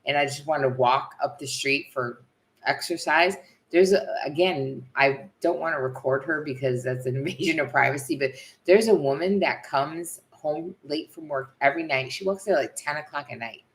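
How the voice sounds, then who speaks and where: A middle-aged woman from the United States with an unusually deep, low voice, chatting on a live vlog. She tells stories in an animated way and slips into quick voiced asides. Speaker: vlog co-host. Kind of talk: casual live chat.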